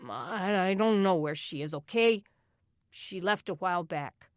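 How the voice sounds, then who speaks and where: A woman's voice: on the low side, animated, measured pace, no room sound, clean studio sound. A woman voicing a proud, defensive teenage boy who looks after his younger siblings.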